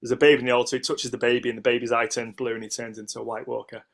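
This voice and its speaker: A middle-aged Englishman chatting as a podcast guest, telling animated stories in a voice of ordinary pitch. He rambles, restarts his sentences and acts out what other people said. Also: racing, gravelly. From United Kingdom. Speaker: guest, ice sculptor. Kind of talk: casual interview storytelling.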